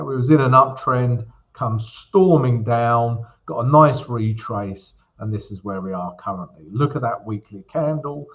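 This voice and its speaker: A man's voice: mid-range voice, lo-fi sound. An upbeat, chatty man hosting a trading livestream, greeting viewers by name and walking through charts. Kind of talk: casual livestream chat and chart walkthrough.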